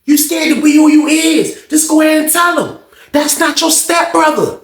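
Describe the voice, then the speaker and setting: A man putting on a shrill taunting young inmate. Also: fairly even intonation, normal speed. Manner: shouting, mocking, repeating taunts. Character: brash young male inmate taunting loudly. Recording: roomy echoey room.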